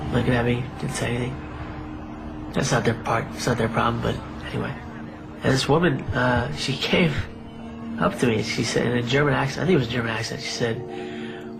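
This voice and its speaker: A man's voice: medium pitch, creaky, low-quality recording. Plainspoken man over music. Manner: plainspoken, matter-of-fact about a painful story. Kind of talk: personal storytelling.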